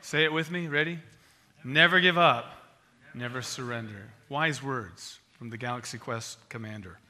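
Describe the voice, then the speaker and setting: Bright-toned guy preaching, pushes hard on repeated lines, gets loud then drops. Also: medium pitch, moderate pace. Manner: emphatic, repetitive exhortation with sudden swells in volume. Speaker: pastor. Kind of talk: sermon with closing prayer.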